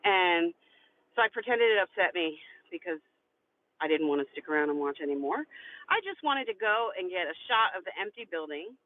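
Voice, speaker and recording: A woman's voice: lowish voice, animated, a little fast, narrow, tinny audio. A woman telling a story on a livestream outdoors, out of breath and chatty, acting out the other people's lines as she goes. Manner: chatty, acts out quoted voices. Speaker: live-streamer. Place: outdoors on a hot city street.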